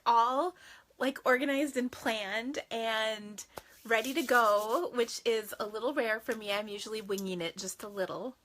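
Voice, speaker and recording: A woman chats casually to her livestream viewers from her craft room at home. Her voice is bright and forward, with sing-song greetings. She talks loosely, full of fillers and restarts. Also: fairly high pitch.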